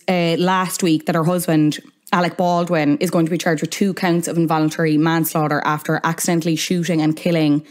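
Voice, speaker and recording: An Irish woman hosts her podcast in a casual, chatty way. She drops wry little asides as she goes, and her voice sits slightly on the low side. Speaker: podcast host.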